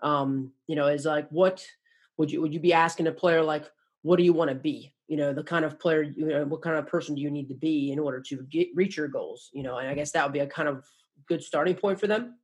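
Husky-voiced host, rambling question. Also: male voice, a little high, steady tone, brisk. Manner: rambling, many fillers and restarts. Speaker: podcast host. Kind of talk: casual interview question.

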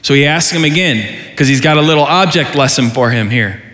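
A middle-aged man preaches in a church sanctuary, his voice sitting a bit high. He is animated and rises into mock outrage in his asides. The sound rings out in a long hall reverb. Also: brisk. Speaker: pastor. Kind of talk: sermon.

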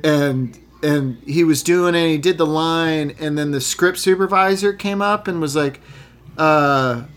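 Rambling man, slightly higher voice. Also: unhurried. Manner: rambling, restarts, animated storytelling. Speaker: actor. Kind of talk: casual podcast chat.

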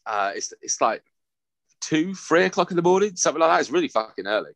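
A young man, casually telling a lively, sweary story on a podcast. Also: fairly high pitch, fast, vocal fry, no echo. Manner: animated, sweary, laughing anecdote-telling. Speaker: podcast host.

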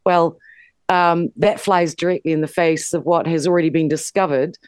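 A woman's voice: low voice, fairly even intonation, moderate pace, a little mellow, clean tone, dry recording. A woman on a political panel, talking in a forthright, opinionated way and reading out details. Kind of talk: casual panel discussion.

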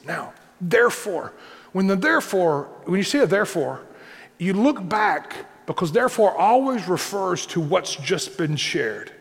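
A man's voice: sits high, sing-song, measured pace, vocal fry, fairly bright tone. A man preaching a sermon in a conversational way, repeating his points and checking in with the congregation. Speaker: pastor. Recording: long hall reverb.

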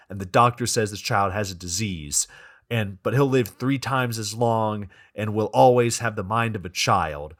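A man's voice: fairly low pitch, a bit bright. A man casually recapping a bad movie for a podcast, swearing freely and acting out the characters' lines. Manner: profane, storytelling with quoted voices. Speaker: podcast co-host recapping a film.

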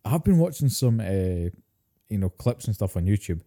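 A man chats as a podcast co-host. His voice sits fairly low and sounds very dark and mellow. He swears casually and laughs often. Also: very animated, normal speed. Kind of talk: casual chat.

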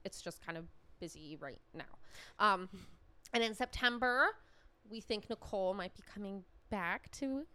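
A woman's voice: medium pitch, expressive, normal speed, pushed and bright, clean tone. A woman co-hosting a podcast in casual chat, sounding nasal from a cold and laughing often. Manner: giggly, chatty, laughs often. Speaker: podcast co-host.

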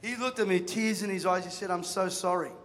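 A man preaches a sermon in a high-pitched, brisk voice, telling animated stories, acting out the characters' voices and joking with the crowd. Background noise and the long reverb of a large hall fill the recording.

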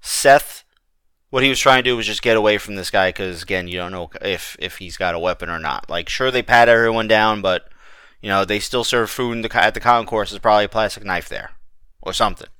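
A man's voice: lowish voice, a little fast, bright, forceful tone, clear, resonant tone, no room sound. A man hosting a wrestling podcast, chatting casually with plenty of restarts. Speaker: podcast host. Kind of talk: casual chat.

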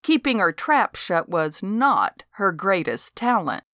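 A woman's voice: mid-range voice, sing-song, takes it slowly, a bit bright, dry recording, clean studio sound. A woman narrating a folksy first-person story in a wry storytelling manner, scripted audiobook reading.

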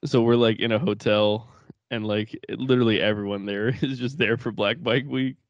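A man's voice: on the low side, steady tone, normal speed, dry recording, highs cut off. A young man co-hosting a podcast, rambling through profane family stories and laughing as he talks. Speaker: podcast co-host. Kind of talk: casual chat.

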